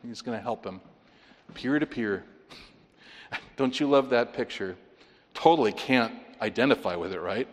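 A man preaching a sermon as a pastor, teaching with wry sarcastic asides and lively emphasis. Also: mid-range voice, measured pace, long pauses. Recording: long hall reverb.

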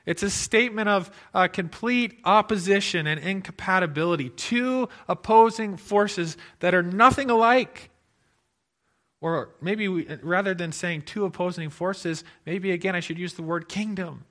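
Bright-voiced male preacher. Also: high voice, normal speed. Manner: expressive preaching, shifting from loud emphasis to hushed tones. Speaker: pastor. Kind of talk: sermon.

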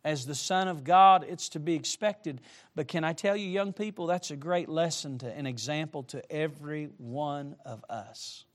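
A middle-aged man preaching to young people, with emphatic direct appeals and shifts between soft asides and loud, rising emphasis. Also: a little high, normal speed. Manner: emphatic, repeatedly urging listeners with direct appeals. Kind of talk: sermon to a youth congregation.

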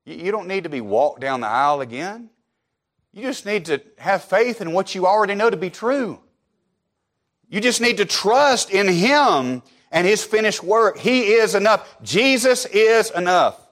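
A man delivers a sermon emphatically and repetitively, peppering it with rhetorical questions and dropping into soft, low asides as phrases end. His intonation is lively and his pace unhurried.

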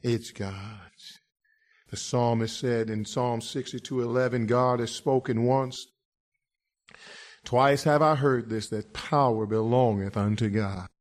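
Taking it slowly in a steady, medium-pitched voice, a male preacher delivers an impassioned sermon that swings from quiet murmurs to loud shouts. Along the way he throws in rhetorical "huh?" asides and calls his listeners "friend."

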